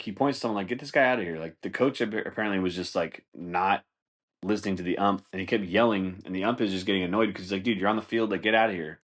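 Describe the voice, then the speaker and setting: A man hosting a podcast, telling fight stories in a casual, profane, rambling way with frequent laughter. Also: fairly low pitch. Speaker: podcast host. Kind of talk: casual comedic commentary.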